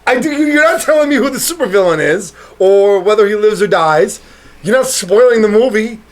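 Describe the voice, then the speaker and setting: A man co-hosting a casual chat, asking eager questions between quieter, mumbled asides. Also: high voice, animated, normal speed. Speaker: podcast co-host.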